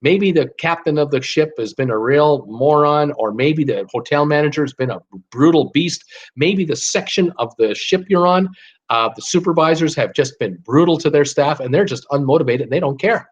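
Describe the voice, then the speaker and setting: A man's voice: a little high, normal speed, slightly rough, highs cut off. Fired-up older man ranting advice. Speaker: cruise vlogger host. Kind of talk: live-stream advice talk.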